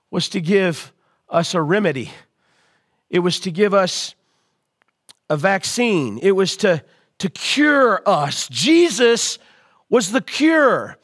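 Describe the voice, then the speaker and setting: A man preaching a sermon as pastor, calling out to his congregation and swelling louder on key lines. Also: sits high. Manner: call-and-response preaching to an online congregation.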